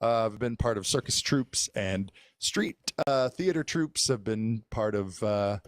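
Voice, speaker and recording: A man's voice: lowish voice, a little slow, no echo. A man hosting a casual music livestream, chatting to viewers in a rambling way with many filler words. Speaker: live-stream host and musician. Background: loud music.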